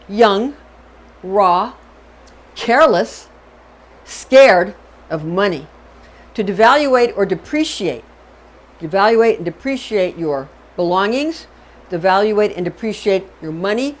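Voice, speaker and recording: A middle-aged woman hosting an astrology talk, chatty and digressive, often repeating herself and checking in with "okay?". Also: mid-range voice. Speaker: astrology channel host. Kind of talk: unscripted astrology lecture.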